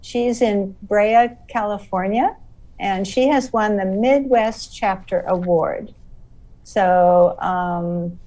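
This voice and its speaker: A woman hosting an online art awards presentation, announcing each winner in a measured way and checking how names are said. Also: medium pitch, mellow, distant mic, low-quality recording. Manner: measured, checks name pronunciations. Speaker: host.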